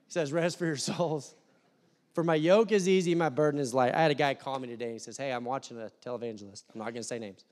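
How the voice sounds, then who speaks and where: A young adult man preaching a sermon, animated, acting out voices and swinging from loud to hushed. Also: on the high side, fast talker. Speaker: pastor. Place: church hall.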